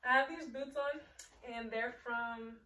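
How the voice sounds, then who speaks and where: Young woman, slightly high voice, casual fashion vlog, rambling, filler words, a bit out of breath. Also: steady tone, unhurried, pushed and bright. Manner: rambling, chatty, lots of filler likes. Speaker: fashion vlogger. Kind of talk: casual chat to camera. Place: bedroom.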